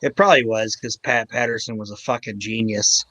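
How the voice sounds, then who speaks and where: A man co-hosting a casual podcast chat, excited and swearing freely as he talks. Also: fairly low pitch, dry recording. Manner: excited, swears freely, quotes others in quick put-on voices. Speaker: podcast co-host.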